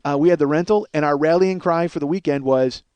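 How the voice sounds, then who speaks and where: A middle-aged man hosts a comedy podcast, spinning rambling, profane, self-mocking stories and acting out the other voices. His voice sits a little higher than most men's. The sound is dry and close, with no room echo. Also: fast, a little mellow, smooth. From Chicago area. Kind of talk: comic storytelling monologue.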